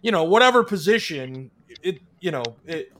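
A man's voice: high voice, moderate pace, slight background noise. A man in casual sports chat, arguing his points emphatically, with swearing and frequent restarts. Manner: animated, emphatic, profane, lots of restarts.

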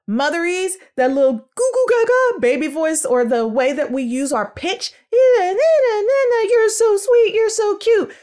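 A woman giving an educational podcast talk on early speech, demonstrating sounds aloud in a lively way and addressing her listeners affectionately. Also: high-pitched. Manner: calls listeners sugars and world changers.

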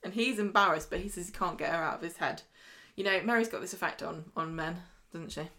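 A woman's voice: fairly low pitch, fast talker, bright, forceful tone. A woman co-hosting a podcast, recapping a soap in casual chat and laughing often. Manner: chatty, laughs often, acts out characters' lines. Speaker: podcast co-host.

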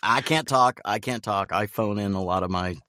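A man's voice: fairly low pitch, moderate pace, sharp tone, no echo, clean studio sound. A man who works as a voice actor, a guest in a casual chat, ranting bluntly with sardonic, profane jokes.

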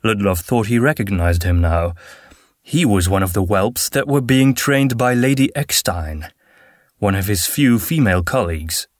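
A man narrating a fantasy audiobook in a steady, measured way. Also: on the low side, dry recording, clean studio sound. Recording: narration with faint background music.

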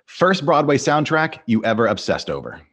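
A man hosting a casual interview, enthusiastic and firing off quick questions. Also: medium pitch, sing-song, fairly bright tone, breathy edge. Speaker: podcast host.

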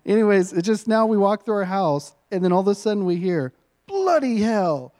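Warm-voiced joking man preaching. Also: sits high, fairly even intonation, quick pace, smooth. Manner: joking, laughs often between lines; informal and self-mocking. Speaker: guest preacher. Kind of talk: sermon.

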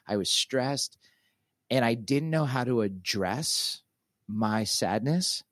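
A middle-aged man, a pastor and author, telling a story in a casual interview, talking in an animated, halting way with many fillers and restarts. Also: fairly low pitch, dry recording, studio quality.

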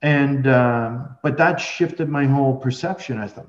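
A man's voice: mid-range voice, a little slow. Man telling a story in a roomy, dull recording. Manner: rambling, with many restarts and fillers. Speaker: podcast guest, medium. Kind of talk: conversational storytelling.

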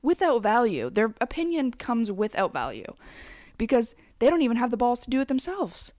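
A woman's voice: on the high side, big pitch swings, moderate pace, darkish tone, no room sound, clean studio sound. A woman in her twenties ranting bluntly with plenty of swearing, giving candid advice in a casual conversational way with frequent asides. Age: 20s. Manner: blunt, profane and emphatic. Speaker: vlogger. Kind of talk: candid advice rant to camera.

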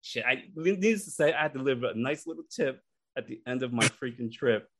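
A young man tells a story in a relaxed, chatty way. His voice sits in a middle pitch. He gets animated and puts on little voices for the people in his tale. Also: brisk, background noise. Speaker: podcast co-host. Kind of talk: casual storytelling.

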